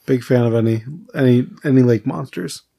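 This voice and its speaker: A man's voice: mid-range voice, brisk, creaky, dark tone. A man co-hosting a podcast in casual chat, reacting to the stories with laid-back jokes. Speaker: podcast co-host. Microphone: studio mic.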